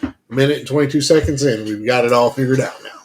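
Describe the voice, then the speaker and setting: A man from Kentucky hosts a casual news podcast alongside a friend. He talks loudly and laughs often, tripping over and restarting his sentences. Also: mid-range voice, fast, soft background music. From Kentucky, USA. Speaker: podcast co-host. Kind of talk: casual chat.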